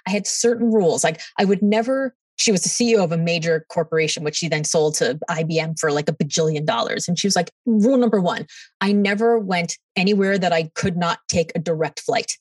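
A middle-aged woman, a podcast guest, answering in an animated way and acting out what others said to her. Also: lowish voice, brisk, breathy edge, no echo, far from the mic. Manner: animated, quotes others in dialogue. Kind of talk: storytelling interview answers.

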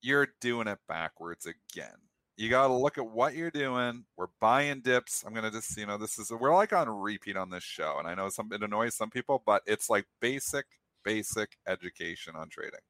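Low, bright-toned trading host. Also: male voice, expressive, normal speed, no echo. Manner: emphatic, repeats points. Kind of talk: casual trading talk.

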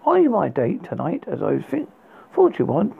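A man's voice: high voice, wildly swooping pitch, normal speed, vocal fry, slightly rough, full character voice. A man voicing a flirty woman who is secretly a blood-drinking hag, speaking sweetly and coaxingly on a tinny recording. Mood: friendly. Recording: tinny phone-like lo-fi sound.

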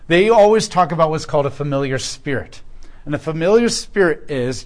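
A man teaching a Bible lesson in a sermon style, explaining scripture with emphatic delivery. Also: a little high. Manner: emphatic, rising and falling in loudness when reading scripture. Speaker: pastor teaching a Bible class.

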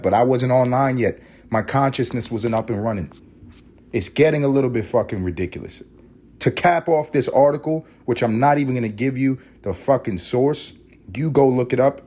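A man's voice: lowish voice, a little mellow. A young man hosting a solo podcast while sick with a cold, sniffly and congested, ranting in a sarcastic, profane, casual way. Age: young adult. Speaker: podcast host.

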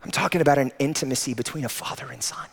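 A male pastor preaching a sermon with a medium-pitched voice. He builds to loud, emphatic peaks and then drops soft and close. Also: very fast, vocal fry. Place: church auditorium.

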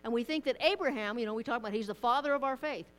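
A woman's voice: on the high side, racing, fairly bright tone. A woman pastor, preaching a conversational sermon in church, often repeating and restarting words.

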